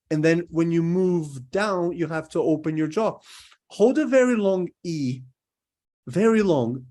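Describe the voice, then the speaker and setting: This Brazilian man's voice sits on the high side and has a warm tone. Teaching English pronunciation on a recording, he draws out vowels as examples and repeatedly checks on his audience with "right?"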